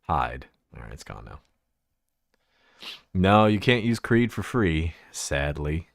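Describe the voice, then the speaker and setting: A low-voiced man on a livestream, talking loosely and profanely while he tinkers with his setup. His pitch swings widely and he laughs easily. The sound is dry and close, with no room around it. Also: big pitch swings, slow pace, gravelly, no room sound. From Central Texas. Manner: loose and profane, laughs often, talks while fiddling with settings. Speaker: livestreamer showing his avatar model. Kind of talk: casual livestream chat.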